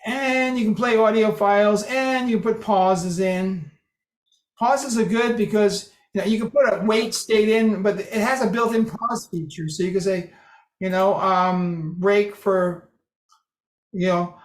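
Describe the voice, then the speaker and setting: A man with a high voice talks a group through settings in a relaxed, joking way. The room around him is roomy and echoing. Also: a little slow. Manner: chatty, dry humor, mimics phrases. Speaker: presenter demonstrating speech software. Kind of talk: casual group meeting talk. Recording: roomy echo.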